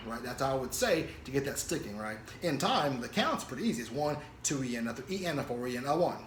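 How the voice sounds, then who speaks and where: A man teaching snare drum parts, explaining rhythms casually and counting beats and stickings out loud. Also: medium pitch, lively intonation, a little fast, very noisy. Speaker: drum instructor. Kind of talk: casual instructional talk. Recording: echoey room with loud drumming.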